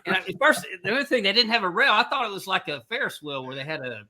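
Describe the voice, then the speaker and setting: A middle-aged man co-hosting a podcast, telling a long casual anecdote in an animated way and laughing through his own story. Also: sits high, quick pace, crowd noise. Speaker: podcast co-host.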